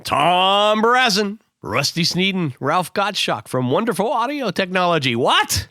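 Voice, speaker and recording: Brief: male co-host, hoarse from bronchitis, bright lively voice rising and falling a lot, dry sound. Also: high-pitched, normal speed, no room sound. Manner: playful, reads a long list of names. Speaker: podcast co-host. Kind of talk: casual chat.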